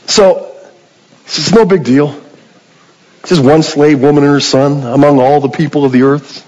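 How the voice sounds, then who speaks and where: A man's voice: fairly high pitch, fairly even intonation, moderate pace, a little mellow, big-room sound, dull audio. A man preaching a sermon, retelling a story in a conversational way and asking the congregation rhetorical questions.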